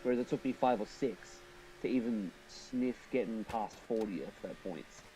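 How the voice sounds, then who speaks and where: A man's voice: lowish voice, normal speed, dark tone, a little hiss or hum, poor audio. A man streaming a racing game, chatting casually and thinking aloud while he drives and answers his viewers.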